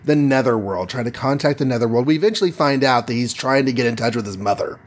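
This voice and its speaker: A man's voice: mid-range voice, fast. A man co-hosting a podcast, retelling a comic-book story in a jokey, chatty way with lots of fillers. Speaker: podcast co-host. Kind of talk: casual comic-book recap.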